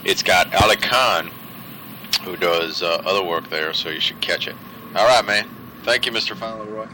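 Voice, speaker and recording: Laid-back male radio DJ, bright voice. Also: sits low, moderate pace, a little hiss or hum, poor audio. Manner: laid-back, repetitive, laughing. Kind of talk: casual on-air chat.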